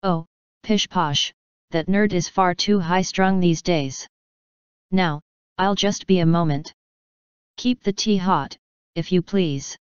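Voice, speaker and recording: A flamboyant, teasing male chaos spirit from a storybook, as a woman reads him out. The voice sits low for a woman and stays crisp and clear. The recording is dry and a little dull. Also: slow pace, pauses often, no echo. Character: ancient chaotic male spirit creature, theatrical.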